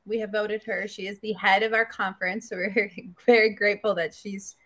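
A woman's voice: medium pitch, normal speed. A woman co-hosting a writing livestream, chatting casually and retelling stories. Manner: chatty, storytelling, animated retelling. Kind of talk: casual chat.

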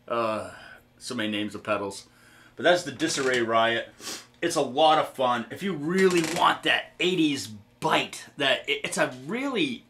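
A man's voice: mid-range voice, pushed and bright. A man hosting a guitar pedal demo vlog, talking in a profane, rambling, jokey way. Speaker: gear demo host. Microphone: guitar-cab recording setup, camera mic.

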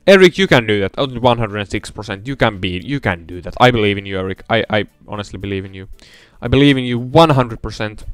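Young guy doing a let's play, lively voice that jumps around, smooth and clear, mutters then gets loud. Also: lowish voice, fast, few pauses, no echo, faint music behind. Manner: rambling, swings from mumbling asides to loud excited outbursts. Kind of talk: casual gameplay commentary.

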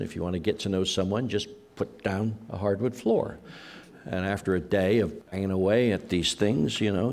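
A middle-aged man preaching a conversational sermon as a pastor, telling anecdotes in a halting way with frequent pauses. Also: fairly low pitch, gravelly, a little mellow.

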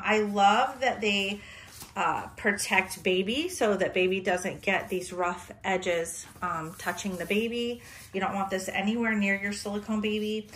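A woman vlogger unboxing a doll, cooing and talking softly to it as if to a baby, sometimes dropping to a delighted whisper. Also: medium pitch. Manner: drops into breathy whispers of delight. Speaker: reborn doll collector and vlogger. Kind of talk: gushing unboxing vlog.

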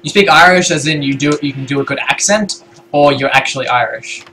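A young British man streaming a game, excitable and loud, swearing a lot and breaking into yelps. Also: on the high side, brisk, a little hiss or hum, low-quality recording. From Britain. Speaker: gaming livestreamer. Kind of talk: casual gameplay chat.

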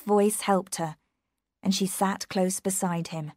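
A woman narrating an audiobook for English learners, reading slowly, carefully and in a measured way. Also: medium pitch, fairly even intonation, darkish tone, no echo, clean studio sound.

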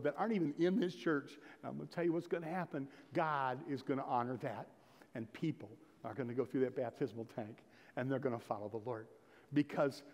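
A man's voice: fairly high pitch, darkish tone. A middle-aged man preaching a sermon as pastor, telling folksy stories and building to emphatic exhortation. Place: church sanctuary. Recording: long reverb of a church hall.

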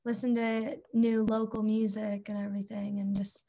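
A woman's voice: medium pitch, little pitch movement, moderate pace, mellow, a little hiss or hum. A young woman from Toronto, a singer-songwriter guest, chatting casually and laughing often in an interview.

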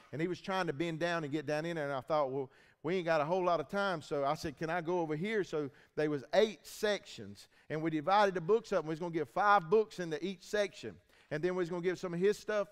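A preacher tells his story from the pulpit, animated and acting out every exchange. His voice is high and clear. It rings through a big, echoey church hall. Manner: animated storytelling, acts out dialogue. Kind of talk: sermon testimony.

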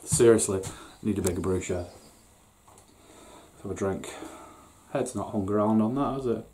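A middle-aged man with a lowish, warm voice and a moderate pace chats casually as he unboxes home-brewing gear for his channel. Speaking from his garden brew shed, he rambles, swears, and teases himself, captured by a distant mic in an echoey room with slight background noise.

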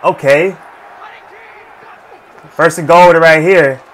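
A man giving a casual, excitable play-by-play reaction to football highlights, full of slang and repeated phrases. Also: slow pace. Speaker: sports reaction vlogger.

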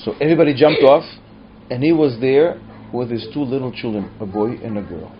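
A man's voice: medium pitch, brisk, a little hiss or hum. A man teaching as a rabbi, telling a story dramatically with repeated phrases. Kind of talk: storytelling lesson. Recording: dull muffled recording.

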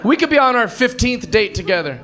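A man in his thirties doing brash live stand-up comedy, swinging between shouted punchlines and muttered asides. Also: extremely high pitch, sing-song, brisk, crowd noise. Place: comedy club stage with a laughing audience. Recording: live club recording with audience noise.

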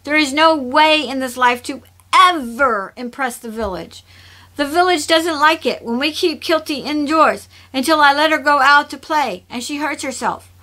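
A fiercely proud young woman, bitter and defensive, her voice bright and on the high side, as a woman reads her lines. She keeps everyone at arm's length. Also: normal speed. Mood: exasperated.

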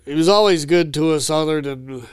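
A man's voice: on the high side, normal speed, a crowd in the background. An older man, a retired trainer, reminiscing and telling stories in a casual podcast chat. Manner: reminiscing storyteller. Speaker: guest, retired hockey trainer.

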